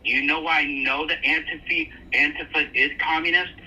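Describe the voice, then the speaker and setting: A man's voice: fairly high pitch, steady tone, normal speed, pushed and bright, breathy edge, far from the mic, low-quality recording. A man calling into a live stream, arguing insistently and repeating his points. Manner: insistent, argumentative. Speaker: caller. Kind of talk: heated live debate.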